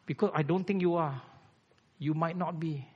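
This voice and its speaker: A man's voice: a little high, normal speed, slightly rough, muffled recording. A man, preaching a blunt, emphatic sermon as a church elder.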